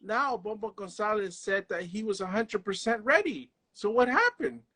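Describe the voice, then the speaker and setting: A boxing interviewer with a bright, sharp-edged voice. They put probing follow-up questions and often restart their sentences before getting the question out. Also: medium pitch, expressive, moderate pace.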